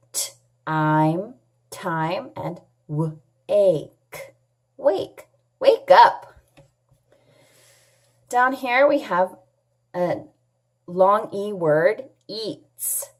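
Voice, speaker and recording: A woman teaching a children's phonics lesson, sounding out letters and words clearly and patiently, asking questions and answering them herself. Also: mid-range voice, a little mellow. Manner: patient, asks and answers her own questions. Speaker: English teacher.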